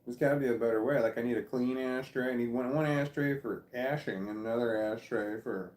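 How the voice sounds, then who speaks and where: Brisk and slightly mellow at a medium pitch, this Midwestern American vlogger rambles, pokes fun at himself, and loses his train of thought. A phone or camera close by records him in an echoey room.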